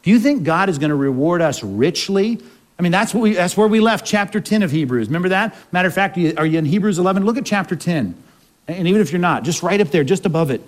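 High-voiced male preacher asking questions. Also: lively intonation, fast. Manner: conversational preaching with frequent rhetorical questions. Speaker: pastor. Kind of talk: sermon.

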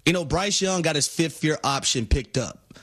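A man co-hosts a sports talk radio show with a fairly high voice. He breaks down the games in a measured tone, often repeating words to stress a point. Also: animated, a bit bright.

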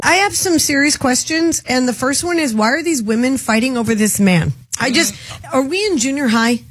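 A woman hosting a radio show, talking in an animated way with frequent stammered restarts. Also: high voice, moderate pace. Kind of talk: radio prank call and talk segment. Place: radio studio.

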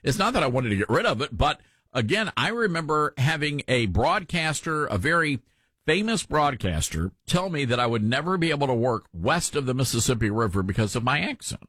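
A man's voice: mid-range voice, sing-song, fairly quick, a bit bright, husky, dry recording, studio quality. A man from Tennessee with a mild Southern accent, hosting a talk radio show in a folksy, opinionated way.

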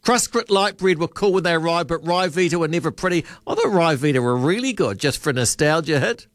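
A man's voice: fairly high pitch, a little fast, no echo, studio quality. Chatty New Zealand man hosting radio. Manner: chatty, relaxed, quizzing callers. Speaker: radio talk show host. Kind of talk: casual radio chat. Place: radio studio. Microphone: studio microphone.

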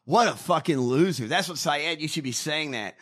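A man with a slightly high voice and a lively, swooping delivery. He hosts casual political chat and is blunt and mocking, with heavy swearing. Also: moderate pace. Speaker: podcast host.

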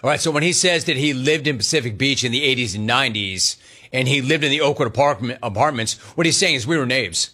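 A man's voice: medium pitch, expressive, quick pace, sharp tone. Playful male radio host riffing on callers. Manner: playful, teasing, riffs on callers' words. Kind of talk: radio call-in show.

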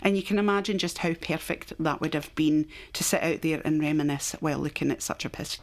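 A Scottish woman hosting a radio chat show, her voice sitting a little low for a woman. She talks in a relaxed, chatty way, telling local history with easy fillers and the odd laugh. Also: fairly quick. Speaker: radio presenter.

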